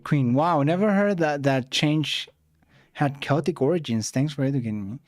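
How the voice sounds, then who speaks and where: A man's voice: a little high, moderate pace, dry recording, clean studio sound. A man from Mexico, a streamer chatting casually while reacting to videos.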